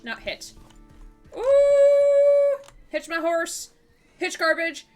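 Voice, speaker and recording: A woman's voice: very high-pitched, very animated, slow pace, pauses often, over music. A young woman streaming a game live, chatting casually with lots of filler words and breaking into giggles and squeals. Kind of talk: casual live-stream chat while gaming.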